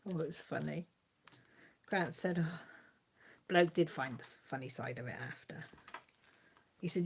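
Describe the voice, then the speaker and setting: A middle-aged woman chats casually on a live stream. She rambles through family stories, full of fillers, laughs and playful voices for her relatives. Her voice sits a little on the low side. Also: measured pace, gravelly, long pauses, slight background noise. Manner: rambling, chatty storytelling with frequent fillers. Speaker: channel host.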